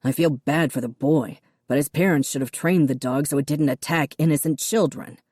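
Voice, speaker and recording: A woman's voice: low-pitched, moderate pace, darkish tone, slightly rough, no echo, studio quality. A woman reading the part of a stern, wealthy middle-aged father who talks in curt, dismissive snaps in an audiobook. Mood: lecturing.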